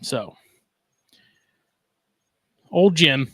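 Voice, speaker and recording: A man's voice: on the high side, expressive, extremely slow, fairly bright tone, slightly rough, dry recording. Laid-back man co-hosting a podcast. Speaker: podcast co-host. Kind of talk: casual chat, reading news aloud.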